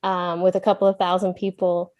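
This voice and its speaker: A woman's voice: fairly low pitch, completely flat delivery, brisk, no room sound, highs cut off. A woman from Ireland, raised in London, with a light Irish accent, chatting as a guest over a video call and telling stories with easy laughs. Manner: chatty storyteller, laughs easily. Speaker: guest, events manager. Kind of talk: remote interview conversation.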